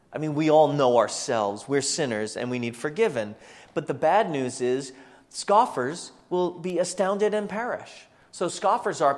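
A man preaching a sermon as pastor, animated and acting out the voices of the people he quotes. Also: fairly high pitch, normal speed. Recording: long hall reverb.

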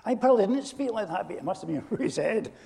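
A man preaching a sermon, retelling a story and speaking directly to his congregation in an animated way. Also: high voice, fast, vocal fry. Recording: long hall reverb.

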